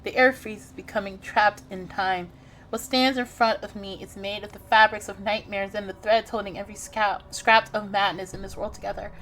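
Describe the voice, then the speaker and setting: A young woman live-streaming a horror game, reading its text aloud and reacting with excitable shouts and laughs. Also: medium pitch, normal speed.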